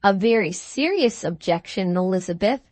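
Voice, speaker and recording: A woman voicing a wealthy, composed lady who answers with calm, cutting words. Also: mid-range voice, normal speed, no room sound, lightly acted. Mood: coolly defiant. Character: wealthy, cool, self-assured woman engaged to a young lord.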